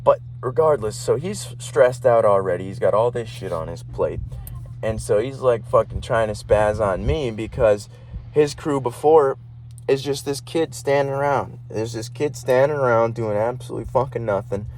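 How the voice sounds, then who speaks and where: A man's voice: mid-range voice, normal speed, darkish tone, a little hiss or hum. A young man hosting a podcast, talking in a heated, rambling, profane monologue from his vehicle. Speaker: podcast host. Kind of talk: casual ranting monologue.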